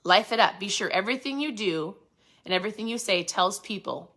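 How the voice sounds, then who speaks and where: A woman's voice: medium pitch, animated, a little fast, fairly bright tone. A woman hosting a lifestyle channel, chatting casually and animatedly about a motivational book. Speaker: host of a keto lifestyle channel.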